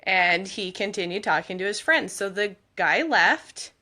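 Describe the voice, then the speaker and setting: Animated and measured in pace, this woman's mid-range voice is pushed and bright. She's a vlogger and mom of school-age kids, telling her followers a rambling story about her husband with occasional laughs.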